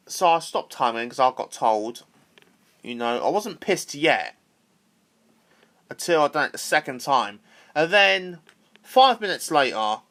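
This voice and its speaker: A man's voice: a little high, sharp tone. A man ranting casually to camera, repetitive and swearing freely. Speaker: vlogger.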